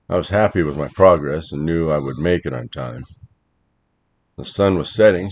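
A man narrating a first-person creepypasta story in a measured voice that grows tense at the scares. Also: a bass voice, darkish tone.

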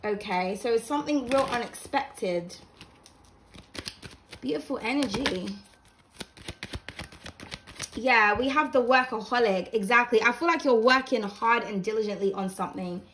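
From a home room with the blinds open, a young woman reads tarot cards for her viewers in a casual to-camera session. Her voice is bright and high-pitched, and she's chatty and warmly encouraging, with plenty of fillers and restarts.

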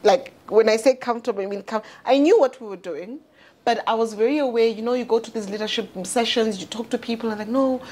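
A woman's voice: quick pace, a little mellow. Chatty south african woman, laughing often. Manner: candid, laughs often, jumps high when quoting. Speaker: co-host and founder. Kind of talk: casual panel chat.

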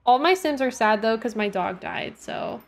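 A young woman with a slightly high voice chats her way through a gaming stream. She keeps up a loose, expressive running talk, scolding her characters and musing to her viewers between moments of play. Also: moderate pace, creaky, soft background music. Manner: chatty and expressive, talks to her game characters. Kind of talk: casual gameplay chat.

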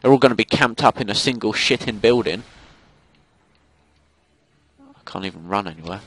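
A man's voice: lowish voice, animated, moderate pace, fairly bright tone, a little hiss or hum. A young man giving live commentary over a shooter game, swearing and ranting in frustrated outbursts. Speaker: gaming commentator.

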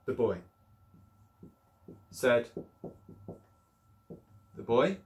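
A man's voice: mid-range voice, lively intonation, very slow, long pauses, darkish tone. A male primary school teacher giving an upbeat, encouraging video lesson, sometimes acting out voices as he explains. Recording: echoey room.

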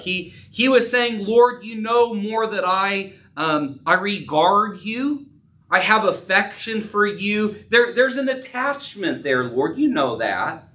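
Earnest preacher man, bright and distant. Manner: earnest, acts out dialogue with rising pitch. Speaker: pastor. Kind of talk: sermon. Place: church sanctuary. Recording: distant from the mic.

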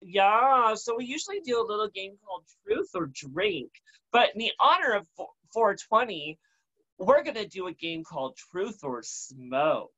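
A man hosts a casual chat with a sassy, campy delivery. His voice is bright and sharp, and he speaks slowly while his pitch swings widely. The recording sounds dull and lo-fi. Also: very animated. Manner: sassy, campy drag slang. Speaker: talk show host.

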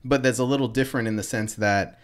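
A man's voice: mid-range voice, steady tone, fast. A man talking philosophy as a podcast guest, rambling and searching for words with lots of fillers. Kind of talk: casual philosophical discussion.

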